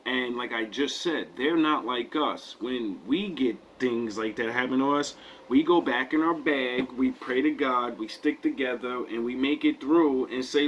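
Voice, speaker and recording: A man's voice: medium pitch, measured pace, a bit bright. A man co-hosting a talk show, giving a profane rant in the style of a sermon. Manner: mock-sermon delivery, profane. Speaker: co-host. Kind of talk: preachy comedic rant.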